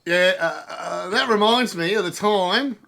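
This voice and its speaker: A man's voice: high voice, measured pace, creaky, bright, forceful tone. An Australian man teasing his mate with crude larrikin humour while dubbing over a trip video. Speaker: four-wheel-drive vlogger. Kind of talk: joking dubbed-over banter.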